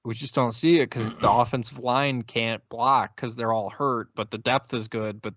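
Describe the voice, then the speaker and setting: A man's voice: medium pitch, steady tone, normal speed, fairly bright tone, dry recording. A man co-hosting a casual sports podcast, talking in exasperated rants full of stammering restarts. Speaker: podcast co-host.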